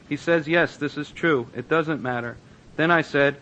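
A man reading a book passage aloud with small asides, in an expressive, emphatic way that slows down for instructions. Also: fairly high pitch, muffled recording, slight background noise. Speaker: reader.

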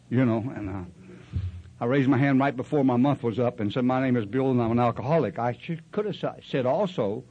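A man's voice: medium pitch, brisk, dull audio. Folksy older man telling his story. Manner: rambling, folksy storytelling that acts out other voices. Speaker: speaker sharing his story at a recovery meeting. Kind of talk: storytelling share.

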